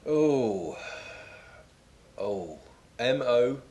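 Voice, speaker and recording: A man's voice: mid-range voice, lively intonation, extremely slow, dark tone. A man in his forties co-hosting a comedy chat with dry, mock-serious wit. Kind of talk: comedic banter.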